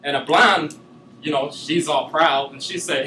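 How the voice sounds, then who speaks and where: A man's voice: on the high side, a little slow, sharp tone, echoey room, distant mic, a little hiss or hum, poor audio. A man giving a class presentation, talking loosely with many filler sounds. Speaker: student giving a class speech.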